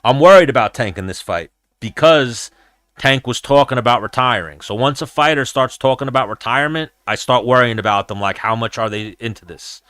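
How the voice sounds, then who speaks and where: Bright-voiced man telling fight stories. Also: medium pitch, brisk, no room sound, studio quality. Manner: animated, profane storytelling. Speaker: live-stream host and former fighter. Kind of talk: casual live-stream fight chat.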